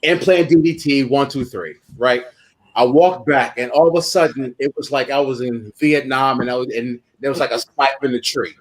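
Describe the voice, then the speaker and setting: A man, a guest wrestler telling a profane, animated story in a shoot interview. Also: mid-range voice, normal speed, rough recording.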